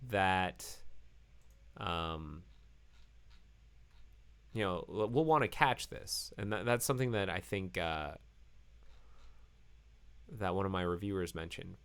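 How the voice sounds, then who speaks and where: A low, gravelly male voice that talks slowly while he codes, stopping and correcting himself as he works things out. He sounds like he is losing his voice, and keys clicking can be heard behind him. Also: fairly bright tone. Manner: halting, full of fillers and self-corrections. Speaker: programmer live-coding host. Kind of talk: thinking aloud while live coding.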